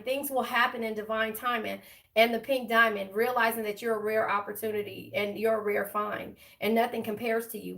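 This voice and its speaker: Gravelly, chatty woman tarot reader. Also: on the high side, fairly bright tone, distant mic. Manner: chatty, affectionate, emotional. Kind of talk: casual tarot reading to viewers.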